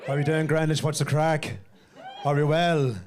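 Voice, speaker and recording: Swearing Northern Irish stand-up comic. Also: male voice, on the high side, steady tone, normal speed, darkish tone. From Northern Ireland. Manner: swearing, self-mocking, riffs with the crowd. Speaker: stand-up comedian. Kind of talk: live stand-up set. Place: comedy club stage with audience.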